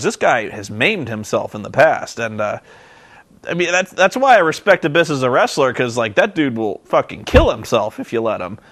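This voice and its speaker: A man's voice: medium pitch, fairly bright tone. A man casually recapping wrestling in a rambling, sarcastic, profane way with lots of ums and uhs. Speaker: vlogger reviewing wrestling.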